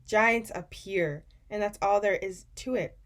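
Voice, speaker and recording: A woman doing a booming, drawn-out old giant. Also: a bit bright, natural voice. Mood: musing. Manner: booming, drawn-out, ungrammatical folksy speech. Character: very old kindly male giant who jumbles words. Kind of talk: audiobook reading.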